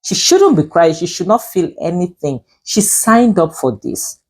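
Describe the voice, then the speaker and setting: A woman's voice: lowish voice, big pitch swings, measured pace, a little mellow. A woman reviewing a drama series, emphatic and scolding, with frequent "you know" fillers. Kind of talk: opinionated review commentary.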